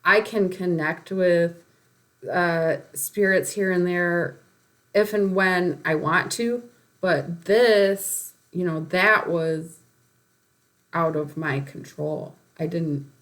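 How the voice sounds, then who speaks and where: A woman's voice: fairly low pitch, slow pace, a bit bright. A woman telling a personal spiritual story in a rambling way, with many fillers and short laughs.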